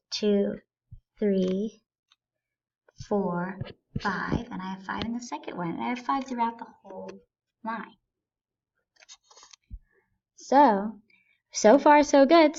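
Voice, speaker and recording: A woman teacher giving a recorded lesson, explaining a poem step by step and reading lines of verse aloud slowly. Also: medium pitch, vocal fry, a little mellow, highs cut off.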